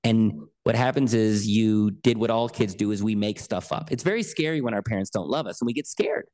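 A man speaking as a podcast guest, earnest and emphatic as he tells a personal story. His delivery is lively, and he leans into key words. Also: on the low side, a little fast. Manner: earnest, emphatic, animated retelling.

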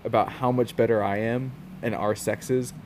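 A man's voice: mid-range voice, normal speed, slight background noise. A man in casual chat, telling stories with many fillers and easy laughs. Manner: relaxed storyteller, many fillers, laughs easily.

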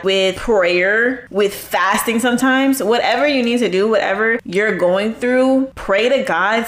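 A woman hosting a faith podcast who gives an earnest, conversational testimony and urges listeners on. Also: medium pitch. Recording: echoey room.

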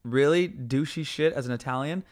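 A young man hosting a podcast in casual chat, excitable, swearing a lot and acting out movie lines. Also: mid-range voice, normal speed. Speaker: podcast host.

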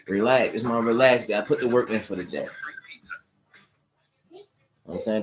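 A woman with a remarkably deep voice holds forth in a loose, profane livestream ramble. She talks like a podcast host hanging out with the audience, full of street slang. Music plays clearly in the background. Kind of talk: casual livestream rant. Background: music playing.

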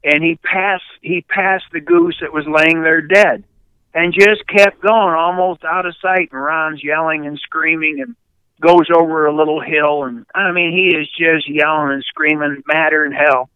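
A man's voice: a little high, unhurried, smooth, no room sound, narrow, tinny audio. Older resonant-voiced Michigan storyteller man. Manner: animated anecdote teller, mimics yelping dogs and shouting people. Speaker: podcast guest, retired baseball pitcher. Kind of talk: casual storytelling chat.

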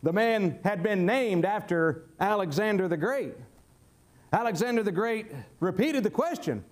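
A man with a high voice preaches to his congregation. He talks in a folksy, emphatic way, often repeating his opening words before he gets going. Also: expressive, normal speed. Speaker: pastor. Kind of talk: sermon.

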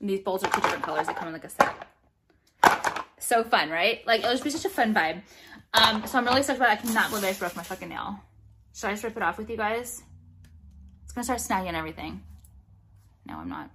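A woman's voice: mid-range voice, sing-song, fast talker, pauses often, heavy background noise. A woman vlogger chatting casually to viewers about things she bought, blunt and profane, ranting now and then. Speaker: vlogger showing purchases. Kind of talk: casual haul chat to viewers.

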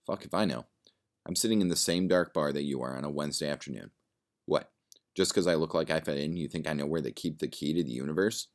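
A man's voice: a bass voice, fast talker. A man voicing a cynical, sardonic man drinking in a bar, swearing and rambling.

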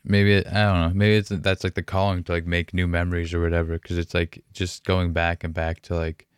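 Young man, deep voice, smooth tone, halting profane podcast talk, emotional, sighing. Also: monotone, no echo, clean studio sound. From Canada. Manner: halting, profane, full of fillers and restarts. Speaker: podcast host.

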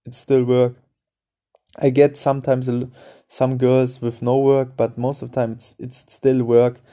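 A man's voice: medium pitch, flat delivery, normal speed, warm tone. A man hosting a podcast, giving casual dating advice in a direct, repetitive coaching manner. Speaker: podcast host.

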